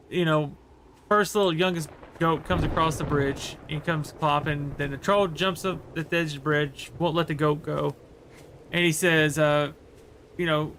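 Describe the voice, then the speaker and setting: A man's voice: fairly high pitch, fairly even intonation, moderate pace, fairly bright tone, a little hiss or hum. A man livestreaming a game, chatting casually and rambling through a story with many fillers. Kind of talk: casual chat while gaming.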